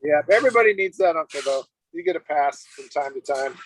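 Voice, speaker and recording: A man's voice: fairly high pitch, expressive, fairly quick, slight background noise, low-quality recording. An older grandfather chatting casually, giving fatherly advice. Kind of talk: casual chat.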